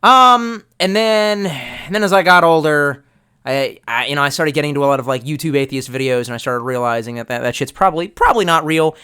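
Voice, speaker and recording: Bright clear-voiced young guy rambling on a live stream, swears a ton, keeps losing his train of thought. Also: a little high, fairly quick. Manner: swears a lot, trails off and restarts, reads chat aloud. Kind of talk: rambling casual stream chat.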